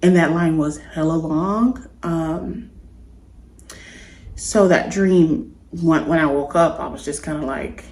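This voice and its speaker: A woman vlogger with a fairly low voice tells a personal story straight to the camera. She talks in an earnest, confiding, meandering way. The sound bounces around an echoey room. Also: a little slow, a little mellow, a little hiss or hum.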